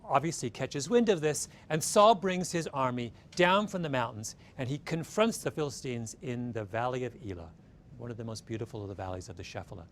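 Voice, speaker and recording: A man's voice: mid-range voice, fairly quick, a little hiss or hum. A man giving a storytelling talk, telling the story with animation and often checking in with his listeners. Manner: animated, keeps checking in with "right?". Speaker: speaker retelling a story.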